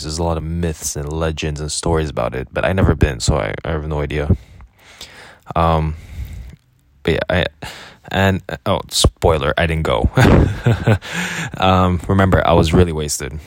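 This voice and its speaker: A man's voice: rumbling low, darkish tone, no echo. A young man casually recounting his travels as a vlogger, rambling and correcting himself with many fillers. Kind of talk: casual spoken travel diary.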